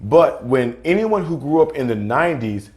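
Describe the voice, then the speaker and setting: A man's voice: medium pitch, lively intonation, normal speed, a little mellow. Rambling man chatting casually on a podcast. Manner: rambling, restarts often, searches for words. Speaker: podcast co-host. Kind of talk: casual chat over drinks.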